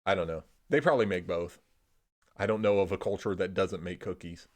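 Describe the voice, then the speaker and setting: Young male streamer, lowish voice, easygoing and profane, rambles and trails off. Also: brisk, a little mellow. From Indiana, USA. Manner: laid-back, swears a lot, trails off with "I don't know". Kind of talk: casual rambling chat.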